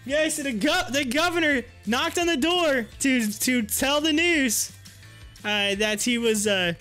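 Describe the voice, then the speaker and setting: A man with a very high, bright voice hosts a stock market livestream. He tells rambling stories full of fillers and breaks into giggles. Faint music plays behind him. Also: unhurried. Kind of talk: casual livestream chat.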